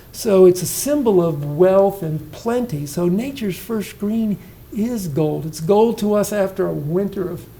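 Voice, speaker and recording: A man's voice: high-pitched, creaky, warm tone, poor audio. A man in his sixties, a retiring professor giving an informal poetry lecture at an indoor reception, often asking his listeners questions and restarting his sentences.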